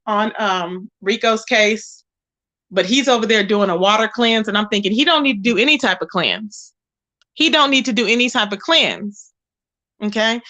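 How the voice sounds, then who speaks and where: A woman with a high, bright voice that has some edge to it, running a casual gossip livestream. She talks in a chatty, sassy way and greets viewers in the chat by name. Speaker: livestream host.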